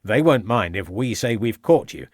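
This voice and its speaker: A man's voice: on the low side, lively intonation, normal speed, dry recording, clean studio sound. A man voicing a stern police inspector who questions firmly and with threats.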